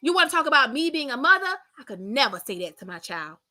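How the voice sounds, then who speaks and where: A woman talking in a high, bright voice. She runs a reaction commentary and sounds blunt, mocking and sassy. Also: big pitch swings, quick pace. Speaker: commentary channel host.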